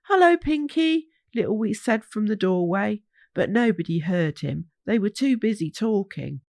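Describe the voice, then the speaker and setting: A woman reading a children's bedtime story aloud, slow and soothing. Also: mid-range voice, creaky, warm tone, no room sound, studio quality.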